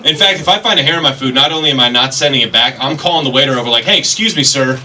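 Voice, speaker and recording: A man's voice: medium pitch, racing, pushed and bright, slight background noise. A man doing a chatty, self-deprecating stand-up comedy set, telling stories on a club stage. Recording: stage mic from a distance, crowd laughter.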